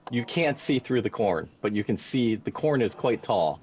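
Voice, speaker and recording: Man, dungeon master, mid-pitched voice, calm scene narration. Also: normal speed, a little hiss or hum. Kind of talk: narrating a tabletop game.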